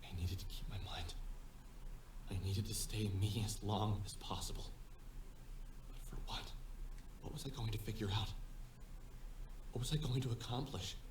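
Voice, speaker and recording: A man plays a lost young man drifting through his memories in a game, talking in a soft, searching inner monologue. His voice sits low and sounds distant in a roomy space. A faint hiss runs beneath it. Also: moderate pace, pauses often, natural voice. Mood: wistful. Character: young man lost in his own mind, recalling his life. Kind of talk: game voice acting.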